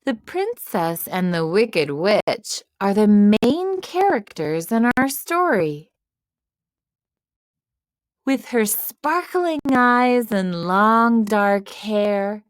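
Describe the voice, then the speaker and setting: A woman narrating a children's writing lesson and storybook in a slow, clear delivery. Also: mid-range voice, sing-song, no room sound, clean studio sound. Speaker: teacher narrator.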